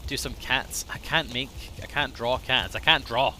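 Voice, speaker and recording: A man's voice: mid-range voice, steady tone, moderate pace, bright, forceful tone, a little hiss or hum. A man chatting casually on a live game stream, rambling, self-deprecating and swearing freely, sometimes muttering to himself.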